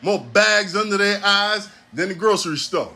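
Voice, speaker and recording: A man's voice: sits high, normal speed, pushed and bright, soft background music. A man in his forties from Ohio, hosting a casual monologue in a profane, rambling way with a preacher-like cadence. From Ohio, USA. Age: 40s. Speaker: podcast host.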